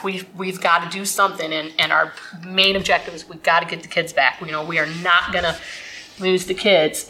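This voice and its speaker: Woman telling her recovery story, rambly and candid, lots of fillers, sharp bright voice. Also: fairly low pitch, slight background noise, rough recording.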